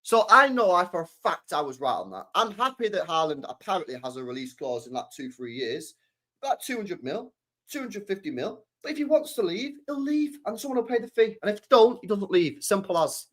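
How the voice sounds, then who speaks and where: A man's voice: sits high, sing-song, fairly quick. A man hosting a live stream, ranting about football in a repetitive, slangy, sweary way. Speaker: streamer host.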